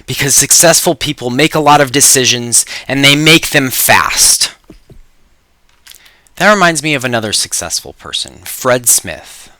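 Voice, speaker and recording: A man's voice: medium pitch, bright, forceful tone, dry recording. A man presenting a sales webinar, telling dramatic stories and pushing hard to buy now. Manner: emphatic, pushy, dramatic storyteller. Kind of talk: sales pitch storytelling.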